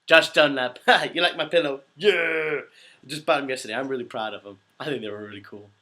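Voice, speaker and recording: A voice actor in his twenties hosts a casual livestream Q&A, rambling along with giggles and self-deprecating jokes. His mid-range voice is pushed and bright, a little fast, and sounds slightly under the weather.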